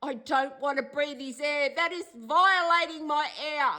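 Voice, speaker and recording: A woman's voice: high-pitched, a little slow, pushed and bright, rough recording. An older Australian woman in a distressed direct-to-camera video, pleading and accusing in an agitated way and repeating herself. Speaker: vlogger.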